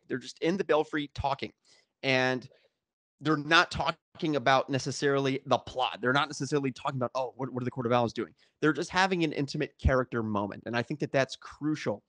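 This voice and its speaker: A man's voice: mid-range voice, dry recording. A man co-hosting a casual talk show, rambling with frequent restarts and sarcastic asides. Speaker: podcast co-host. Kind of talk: casual discussion.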